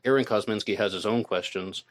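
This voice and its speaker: A man's voice: lowish voice, fairly quick. A man hosting a true-crime podcast, thinking aloud in a solo monologue, correcting himself and putting questions to his listeners. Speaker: podcast host.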